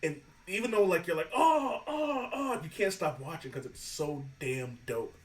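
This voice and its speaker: A man hosting a podcast, telling animated stories in casual chat, swearing freely and laughing often. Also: fairly high pitch, moderate pace, far from the mic, low-quality recording. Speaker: podcast host.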